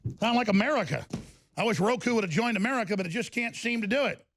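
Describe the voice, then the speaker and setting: A middle-aged man hosts a talk radio show from a studio. His voice sits high and gravelly, and he rants in an energized way, stumbling over quick restarts. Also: a bit bright, a little hiss or hum. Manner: energized, fast ranting with repeated restarts. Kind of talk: ranting talk radio broadcast. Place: broadcast studio.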